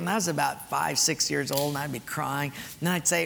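A man's voice: fairly high pitch, steady tone, fairly quick, gravelly, few pauses, a bit bright. A man preaching a sermon, telling a personal story with emphatic turns. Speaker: pastor. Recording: echoey hall, faint noise.

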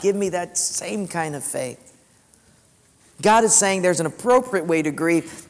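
A man preaching a sermon to a live congregation, emphatic and repeating phrases for stress. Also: high-pitched. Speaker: pastor. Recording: long hall reverb.

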